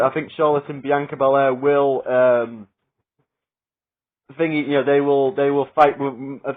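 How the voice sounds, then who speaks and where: A man giving casual solo predictions for a video, rambling with lots of fillers and chuckling at his own asides. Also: mid-range voice. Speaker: wrestling predictions vlogger. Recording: tinny phone-like sound.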